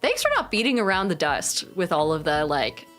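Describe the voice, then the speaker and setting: A woman's voice: on the low side, very animated, moderate pace, fairly bright tone, faint music behind. A woman streaming a game, chatting casually with her viewers and swearing freely.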